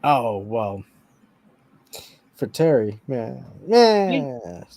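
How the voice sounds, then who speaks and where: A man's voice: medium pitch, big pitch swings, very slow, darkish tone. A man co-hosting a podcast, joking in casual chat and laughing often. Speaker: podcast co-host.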